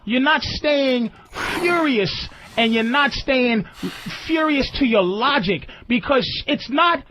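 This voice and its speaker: A man's voice: very high-pitched, lively intonation, takes it slowly, pushed and bright. A man hosting a radio show, arguing with a caller in a profane, ranting way. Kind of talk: heated radio talk. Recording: muffled radio broadcast recording.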